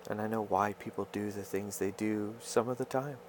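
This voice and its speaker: A man talking straight to his viewers in a rambling personal monologue, halting and stammering as he searches for his words. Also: on the low side, fairly even intonation, a little hiss or hum.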